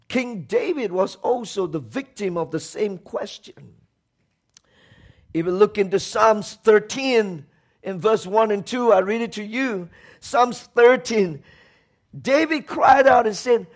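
A man delivers a sermon in an unusually high-pitched voice. He speaks slowly and deliberately, rising to shouts, then dropping to hushed, low lines. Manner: impassioned, swinging between shouted and hushed lines. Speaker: preacher.

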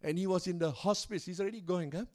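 A man preaching as a pastor at a church service, telling a story with rising and falling loudness and pace and calling out to the congregation for a response. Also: sits high, fast talker. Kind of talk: sermon storytelling.

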